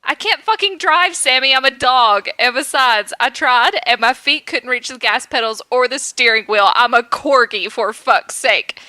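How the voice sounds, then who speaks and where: Lady putting on a squeaky jittery corgi guy, swears a lot, throws in barks, dry close sound. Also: normal speed, hardly any pauses, bright, forceful tone, dry recording. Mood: frustrated. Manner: whiny, nervous, barks mid-sentence. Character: anxious, foul-mouthed male corgi dog brother.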